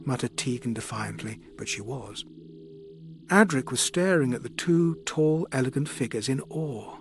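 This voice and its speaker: A man reading an audiobook aloud in a measured, expressive way. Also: mid-range voice. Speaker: audiobook narrator. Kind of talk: scripted audiobook narration.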